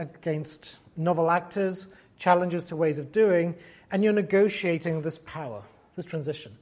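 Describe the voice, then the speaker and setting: High-voiced man from Gibraltar lecturing. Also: a little mellow, muffled recording. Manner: conversational and reflective, thinks aloud. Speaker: lecturer, former broadcast journalist. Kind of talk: reflective university lecture.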